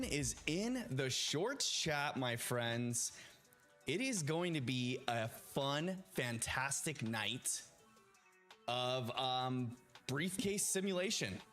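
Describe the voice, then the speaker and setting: Chatty man streaming, slow-paced. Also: mid-range voice, a bit bright. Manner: upbeat, chatty, greets viewers by name. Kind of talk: casual live-stream chat. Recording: faint music behind.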